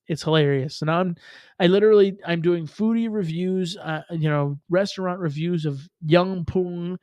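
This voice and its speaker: A man with a high voice hosts his livestream in a loose, rambling way, full of swearing and laughing asides. The sound is close and dry, with no room around it. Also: no echo. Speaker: livestream host. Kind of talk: casual livestream chat.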